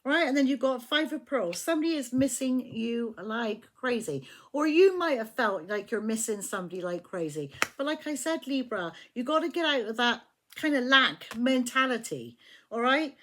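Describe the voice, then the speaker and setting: This woman's voice is a little high, animated, and a bit bright, at a moderate pace, with a little hiss or hum in the recording. She gives a casual tarot reading, swearing freely and repeatedly asking "do you know what I mean".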